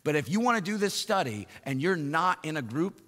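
A man preaching a sermon as pastor, rising loud for emphasis and dropping soft and slow. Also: big pitch swings. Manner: rises in pitch and volume for emphasis, then drops soft and slow. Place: church sanctuary. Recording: long hall reverb.

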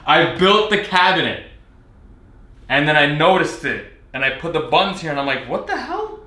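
A man's voice: on the high side, moderate pace. A man hosting a vlog, telling a story casually and with exasperation, acting out the messages he traded. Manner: animated, exasperated retelling with quoted exchanges. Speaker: video host reviewing an arcade cabinet. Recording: echoey room, mic at a distance.

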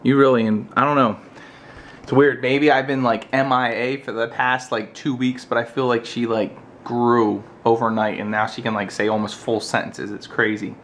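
An American man chatting casually with his toddler on camera, using playful baby talk and high, coaxing questions. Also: little pitch movement, moderate pace, fairly bright tone, slight background noise. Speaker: parent vlogger.

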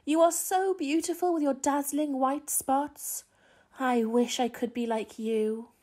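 A woman voicing a young female ladybird who longs to fit in, calling out in a high, admiring tone. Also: measured pace. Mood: wistful admiring. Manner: high, bright, admiring calls.

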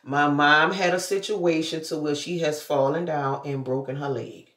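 A woman's voice: sits low, steady tone, moderate pace, fairly bright tone. A woman, talking casually to her vlog viewers with loose slang and chatty asides. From New Orleans. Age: 50s. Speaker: vlogger. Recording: echoey room.

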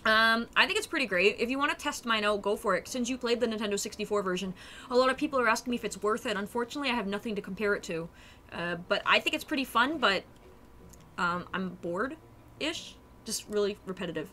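A woman's voice: a little high, lively intonation, fast talker, bright, forceful tone, a little hiss or hum. A young adult woman streaming a game, chatting casually and animatedly with her viewers and laughing often.

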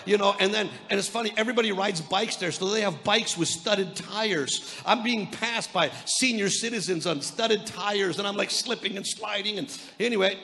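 A Canadian man in the pulpit, high in pitch, preaching an energetic sermon. He tells stories, acts out other people's lines, and trips over his words as he goes. His voice rings with the long reverb of a large church hall. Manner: energetic preaching with repeated restarts and stammers; storytelling, quoting voices of others. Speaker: pastor.

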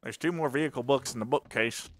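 Goofy guy gaming with his buddy, bright voice, jokey chat. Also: medium pitch, fast, no echo. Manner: goofy, joking. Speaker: gamer.

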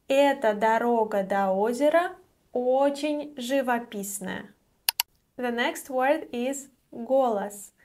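A woman teaches vocabulary in English. Her voice sits a little high, and she takes her time, saying each word slowly and more than once so the stress comes through clearly. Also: a little mellow. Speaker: Russian language teacher. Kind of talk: slow, careful vocabulary lesson.

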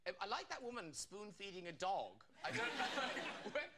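A man's voice: high-pitched, huge pitch swings, moderate pace. A man hosting a TV chat show, teasing guests with cheeky asides in front of a studio audience. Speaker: talk show host. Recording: loud studio audience laughter and noise.

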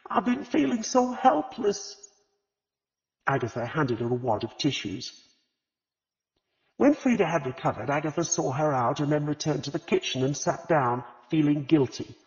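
A man narrating a mystery audiobook with expressive storytelling. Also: medium pitch, moderate pace. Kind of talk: scripted narration. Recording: dull lo-fi audio with long reverb.

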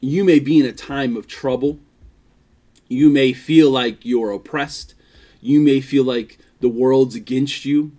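A man's voice: medium pitch, fairly even intonation, unhurried, dark tone. A man preaching a devotional sermon as pastor, earnest, often repeating and restarting phrases.

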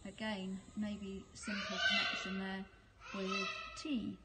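A woman's voice: medium pitch, level tone, takes it slowly, very noisy. A woman from the UK talking casually in a vlog, chatty and hesitant with frequent ums. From United Kingdom. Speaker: vlogger.

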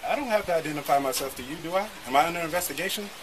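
A man's voice: a little high, lively intonation, racing, crowd noise, low-quality recording. A man standing outside his home, arguing insistently and defiantly with police officers, repeating his points. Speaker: homeowner confronting police. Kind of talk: heated argument on bodycam. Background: background music.

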